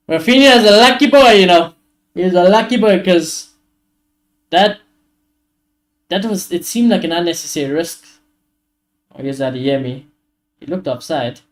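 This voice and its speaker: A fired-up man streaming a live football watchalong, his voice sitting a little higher than most men's. He calls the play as it happens, curses freely and vents his frustration to his chat. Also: unhurried, pauses often. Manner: excitable, frustrated, swears often, talks to chat.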